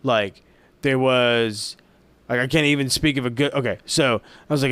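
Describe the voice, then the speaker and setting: A man's voice: medium pitch, normal speed, smooth, dry recording. A man casually recapping an old wrestling show in a profane, sarcastic way, with plenty of swearing and asides. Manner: profane, sarcastic, animated storytelling. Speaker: wrestling review host.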